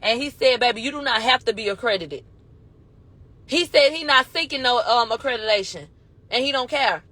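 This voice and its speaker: Woman, high voice, casual slangy storytelling, animated he-said retelling, dry sound. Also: normal speed, dry recording. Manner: animated, slangy, retells quotes in a running he-said chain. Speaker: commentator recapping a trial.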